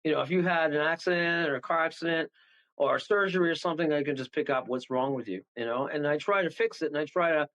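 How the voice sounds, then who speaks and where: A man's voice: a little high, fast talker, a bit bright. A man, a medium guest on a radio show, chatting casually and rambling through stories with frequent chuckles. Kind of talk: casual radio interview chat. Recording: dull lo-fi call audio.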